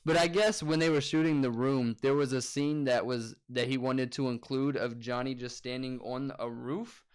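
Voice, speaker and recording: A man's voice: mid-range voice, normal speed, clear, resonant tone. Amused young man chatting about a movie. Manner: relaxed, amused, quotes lines in silly voices. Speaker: co-host. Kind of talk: casual movie review chat.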